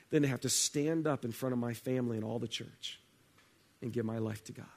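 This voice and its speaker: A man preaching a sermon as pastor, earnest, moving between loud emphasis and hushed, slowed phrases. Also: medium pitch.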